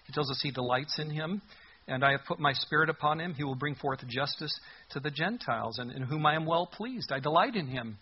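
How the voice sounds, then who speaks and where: A man's voice: fairly high pitch, fairly quick, slightly rough, dull audio. A man preaching a sermon in a conversational, humorous way, reading scripture aloud. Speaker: pastor.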